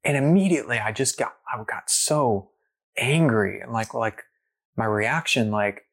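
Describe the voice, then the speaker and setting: A man's voice: medium pitch, a little slow. A man telling a long personal story in casual conversation, full of fillers, acting out what people said. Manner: animated storyteller, many fillers, acts out quotes.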